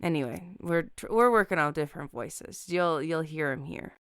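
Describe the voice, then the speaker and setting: A woman's voice: low-pitched, normal speed, fairly bright tone, clear, resonant tone, dry recording, clean studio sound. Giggly, swearing woman podcast co-host. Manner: giggly, swears freely, self-mocking. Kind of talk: casual chat.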